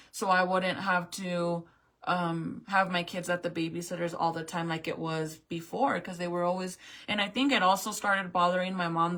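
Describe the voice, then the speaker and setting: A vlogger from New Mexico in her late thirties talks casually and confessionally to camera, swearing freely. She's tearful and fighting back tears, laughing nervously as emotion rises, her low-side voice pushed and bright.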